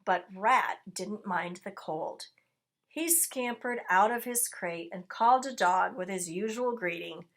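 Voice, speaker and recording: A woman reading a picture book aloud to children, gently pausing to ask her listeners questions. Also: medium pitch.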